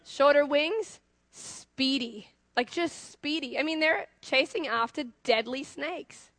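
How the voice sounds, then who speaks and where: A young woman with an Australian accent preaching a sermon, asking her congregation lively questions as she goes. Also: sits high, slow pace, no room sound.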